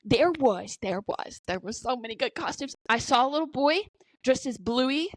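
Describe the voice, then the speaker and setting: A podcast co-host with a high, expressive voice chats casually at a moderate pace, with no room sound. She rambles and swears freely, peppering her talk with "like" and other fillers.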